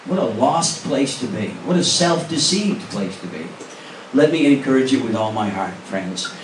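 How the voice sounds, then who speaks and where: A medium-pitched male preacher with lively intonation and normal speed earnestly, emphatically presses his congregation with direct questions. The background is noisy, and the church sanctuary's echo makes his voice sound distant.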